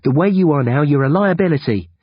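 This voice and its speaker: Brief: firm, clipped teenage boy hero, read by a man, raspy and urgent, storybook audiobook. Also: on the high side, sing-song, a little fast, dry recording, voice pushed up, full character voice. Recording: dull lo-fi recording.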